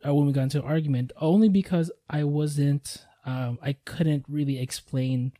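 A man co-hosting a casual podcast chat. His voice is mellow and a little dark, with a dry, close sound. He tells stories in a laid-back way and swears freely. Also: fairly high pitch, steady tone, moderate pace, dry recording. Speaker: podcast co-host.

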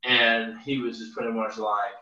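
A man's voice: on the low side, little pitch movement, normal speed, bright, forceful tone, far from the mic. A man chatting casually, recapping news in laid-back slang. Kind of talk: casual chat. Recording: echoey room, off-mic, dull lo-fi.

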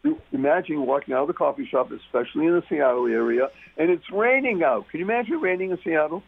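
A man's voice: on the high side, animated, fast talker, vocal fry, a crowd in the background. A man talking as a guest on a talk radio show, emphatic and repeating key words for stress. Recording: muffled phone-line radio sound.

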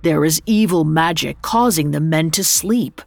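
A woman's voice: deep voice, a little slow, gravelly, no room sound, full character voice. A woman voicing a wounded young male soldier, speaking earnestly and humbly.

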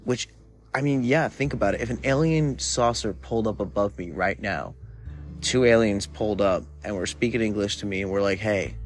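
A young man hosting a solo podcast, rambling in a laid-back way with lots of filler words while high. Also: fairly quick, faint music behind. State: high from smoking weed. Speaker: podcast host. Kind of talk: casual solo podcast monologue.

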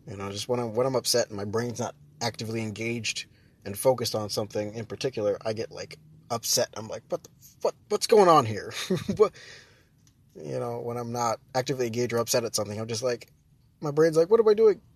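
A man's voice: mid-range voice, brisk, slightly rough. A man hosting his own podcast, chatting casually and rambling, breaking off mid-sentence and laughing often. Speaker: podcast host. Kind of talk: casual solo podcast chat.

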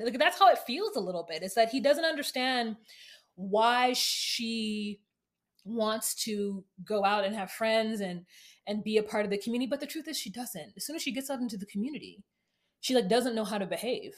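Laughing, animated woman podcast host. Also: fairly high pitch, moderate pace. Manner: animated, laughing, recapping scenes. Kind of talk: casual podcast chat.

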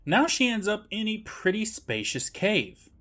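Lively, animated man recapping with laughs. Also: sits high, measured pace. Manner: laughing, swearing, recaps plot and mimics characters. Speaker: podcast co-host. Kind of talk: casual recap chat.

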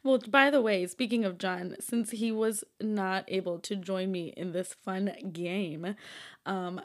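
A young woman vlogging alone through a quiz, chatting casually to viewers, thinking out loud, stumbling over hard words and often breaking into giggles. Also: mid-range voice, a little slow. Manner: giggly, bursts into loud laughter. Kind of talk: casual chat to camera.

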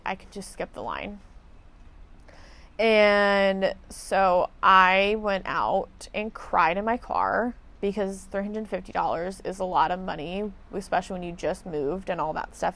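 A woman's voice: mid-range voice, gravelly, fairly bright tone. A woman telling a casual story as a podcast host, blunt and profane as she vents her frustration.

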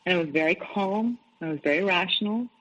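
A woman's voice: fairly low pitch, animated, fairly quick, a bit bright, muffled recording. A middle-aged woman, an interview guest, candidly recounting her own experiences and quoting what others said. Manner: candid, recounts events with quoted dialogue. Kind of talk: personal storytelling.

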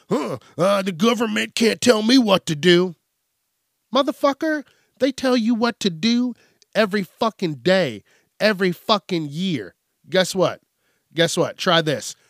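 A man's voice: a little high, a bit bright, dry recording, studio quality. A man hosting an angry, profane news commentary rant.

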